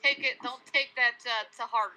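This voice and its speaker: A woman co-hosting a live stream, calmly reassuring viewers and correcting details. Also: fairly high pitch, moderate pace, rough recording. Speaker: stream co-host. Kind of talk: casual chat.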